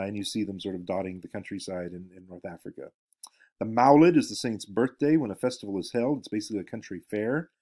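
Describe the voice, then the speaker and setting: Low-voiced man giving a halting lecture. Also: a little mellow. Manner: halting, many fillers and restarts. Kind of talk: recorded lecture, reading aloud from a book.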